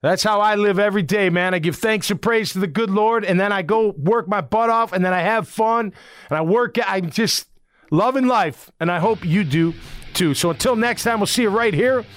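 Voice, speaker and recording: Middle-aged ex-player hosting a sports podcast, a high-pitched guy who gets emphatic and rambles, dry mic. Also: normal speed, a bit bright, no room sound. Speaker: podcast host and former football player. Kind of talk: casual sports talk podcast.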